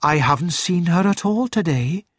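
A man's voice: lively intonation, moderate pace, no room sound, clean studio sound. A man reading aloud as a middle-aged female school matron, upset but keeping control, in a raised light voice. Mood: distressed. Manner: shaken but composed, high light voice.

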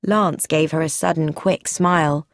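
Measured woman reading a story aloud. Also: low voice, steady tone, dry recording, studio quality. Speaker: narrator. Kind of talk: read-aloud story narration.

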